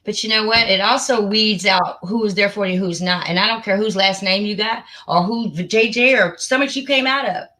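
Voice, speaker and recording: A woman's voice: medium pitch, brisk, hardly any pauses, pushed and bright. A middle-aged woman hosting a casual livestream chat, emphatic and repetitive, often talking over her guest. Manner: emphatic, repeats words, talks over guest. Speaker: livestream host.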